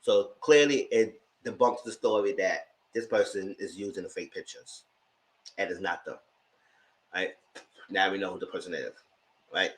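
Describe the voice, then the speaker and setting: A man's voice: low voice, moderate pace, pauses often, poor audio. A man casually recapping a reality TV episode, telling it as a story and acting out the people's lines. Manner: animated storytelling, acting out quotes. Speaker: TV show reviewer.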